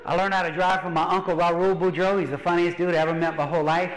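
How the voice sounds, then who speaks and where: High-voiced storytelling comedian man. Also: fast. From Louisiana. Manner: animated storyteller, acts out voices. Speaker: pastor and comedian. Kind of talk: stand-up comedy. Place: church hall. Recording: echoey hall.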